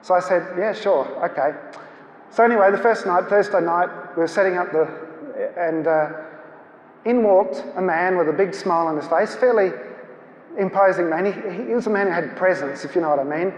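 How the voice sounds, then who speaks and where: A man with a high voice speaks fairly quickly as the guest speaker at a church seminar, telling anecdotes and acting out the dialogue in storytelling fashion. The audio is dull, and the hall is echoey.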